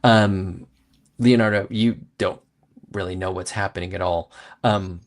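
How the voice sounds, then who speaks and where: A man running a tabletop game as game master, halting with many fillers. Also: sits low, steady tone. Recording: live stream audio.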